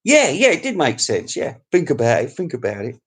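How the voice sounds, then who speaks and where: A man's voice: medium pitch, huge pitch swings, fairly quick, breathy edge. Cheeky, rambling man on a live stream. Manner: cheeky, rambling and crude, with frequent laughs. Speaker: YouTube live-stream host. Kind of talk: casual live-stream chat reading viewer comments.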